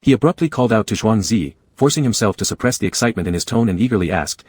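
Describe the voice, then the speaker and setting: Low husky male narrator. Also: expressive, fast talker, darkish tone, no room sound. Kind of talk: scripted audiobook narration.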